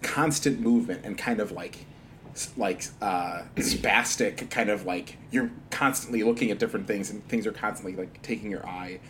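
A man co-hosting a casual podcast talk about a film, lively and quick to laugh, acting out quotes with big jumps in pitch. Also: slight background noise. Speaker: podcast co-host. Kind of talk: casual movie discussion.

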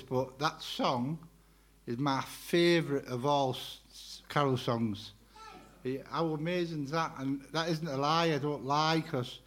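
A man, talking fast in a chatty, joking way as a guest preacher at a church carol service. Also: fairly high pitch. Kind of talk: sermon-style personal testimony. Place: church carol service before a live congregation. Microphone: handheld microphone.

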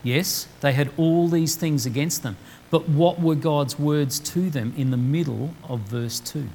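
A man preaching a sermon, slowing down to quote scripture word by word with emphasis. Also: a little high, vocal fry, darkish tone, a little hiss or hum, rough recording. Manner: emphatic, slow deliberate quoting of scripture. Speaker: pastor. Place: church.

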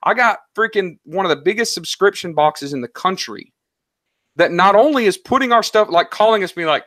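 A man talking casually as an interview guest, animated and slangy, telling stories about his business. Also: high voice, brisk, no echo, studio quality. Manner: animated, story-driven, slangy. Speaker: guest, online seller.

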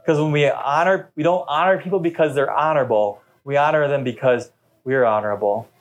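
A middle-aged pastor preaches a sermon at a church service, talkative and telling stories in a conversational way. His voice sits on the high side and moves fairly quickly, though the recording is muffled.

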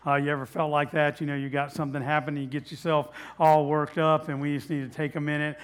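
A man's voice: a little high, little pitch movement, fast talker, clean tone. A man preaching a sermon as pastor, in a conversational way with many fillers and restarts, asking the audience questions.

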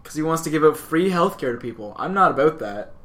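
A man's voice: on the high side, expressive, quick pace, a bit bright. A man from Canada co-hosting a podcast, joking sarcastically in casual chat with friends. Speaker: podcast co-host.

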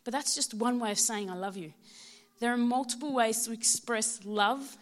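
A woman in her thirties with an Australian accent, giving a prepared personal testimony at church in a heartfelt, measured way. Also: fairly high pitch. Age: 30s.

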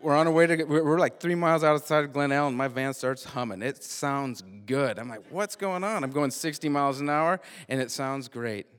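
A man telling a personal road-trip story live, animated and often repeating or restarting his words. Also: medium pitch, brisk, few pauses, clear, resonant tone. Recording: long hall reverb.

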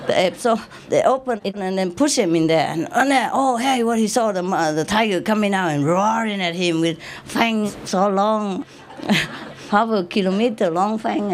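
A woman's voice: mid-range voice, normal speed, slight background noise. Giggly woman telling jokes. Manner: laughs often while talking, teasing, playful. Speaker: spiritual teacher telling jokes to an audience. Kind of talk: casual joke-telling talk.

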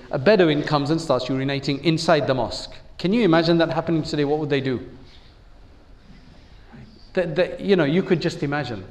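A man's voice: a little high, darkish tone. A man giving an Islamic talk in a conversational way, asking listeners questions and acting out quotes. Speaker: preacher.

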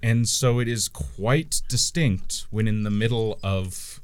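A man, narrating a tabletop game as game master in a relaxed, offhand way. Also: fairly low pitch, slow pace, smooth, dry recording. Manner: relaxed, offhand scene-setting.

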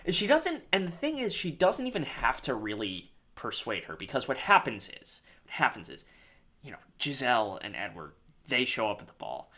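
Bright-voiced man recapping a film casually. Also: mid-range voice, sing-song, normal speed. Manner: jokey, swears, acts out quotes. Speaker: podcast co-host. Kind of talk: casual movie recap chat.

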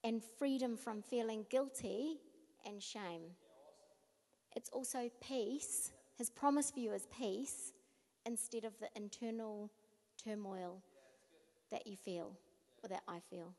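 A woman's voice: fairly high pitch, slow pace, pauses often, dark tone. Earnest woman giving a short talk in a hall. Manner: earnest, searching, drops to a near whisper. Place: church hall. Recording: echoey hall with long reverb.

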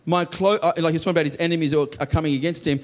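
A man preaching a sermon with earnest emphasis, often dropping to soft low tones and voicing heartfelt prayers aloud. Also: fairly even intonation, very fast.

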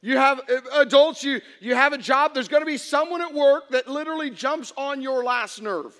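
A man preaching a humorous sermon to a congregation, telling stories in an animated way that swings from hushed to shouting. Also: very high voice, normal speed. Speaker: pastor. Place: church hall before an audience. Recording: reverberant hall.

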